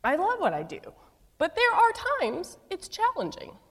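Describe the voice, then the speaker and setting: A woman's voice: very high-pitched, wildly swooping pitch, moderate pace, fairly bright tone, long reverb tail. A middle-aged woman pastor preaching a sermon, telling stories with playful asides.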